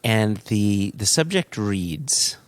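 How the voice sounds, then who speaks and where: A man's voice: lowish voice, expressive, takes it slowly, no echo. A man co-hosting a podcast, chatting casually and reading listener emails aloud, often laughing as he goes. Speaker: podcast co-host.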